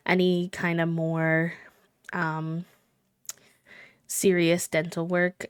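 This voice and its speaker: A woman streamer chatting casually with her live viewers, greeting them warmly and often pausing with ums and restarts. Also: lowish voice, smooth, no room sound, studio quality. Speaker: Twitch streamer.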